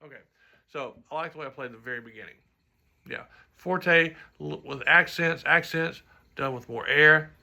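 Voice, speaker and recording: Gravelly-voiced man coaching trombone. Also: fairly high pitch, moderate pace, sharp tone. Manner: talks through his own playing, sings rhythms. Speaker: trombone teacher. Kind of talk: music clinic instruction.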